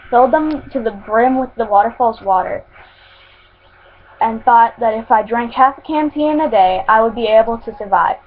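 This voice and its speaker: Woman reading a story over a tinny line. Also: fairly high pitch. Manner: stumbling reading with restarts and asides. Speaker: reader of her own fan fiction. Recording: tinny phone-like recording.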